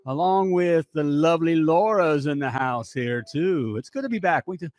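A man's voice: fairly high pitch, normal speed, a little mellow. A man in his fifties hosting a live talk show, talking with pumped-up energy and constant "hey" and "all right" asides.

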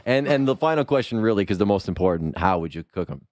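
A man's voice: fairly low pitch, animated, fast, a little mellow, dry recording, studio quality. A man hosting a casual streamed show, goofy and full of banter with his guest. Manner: goofy, banter-heavy, chatty. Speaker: podcast host. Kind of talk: casual live-stream chat.

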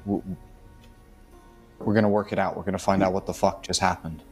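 A man's voice: low voice, fairly even intonation, a little fast, faint music behind, close to an everyday voice. A man voicing a shaken, blunt-talking skeleton who swears freely, in a tabletop game.

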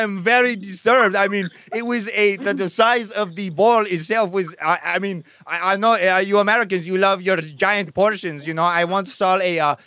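A man's voice: sits high, pushed and bright, dry recording. A man faking a stammering French caller. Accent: put-on French. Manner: halting, full of stammers and fillers. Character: vaguely French man, sick, rambling complainer. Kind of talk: prank phone call.

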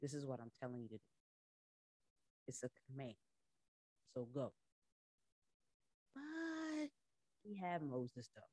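A woman's voice: very deep voice, wildly swooping pitch, slow, long pauses, a little mellow, dry recording. A woman podcast host and coach giving a casual Bible teaching talk, conversational and laughing often as she acts out voices in her retelling.

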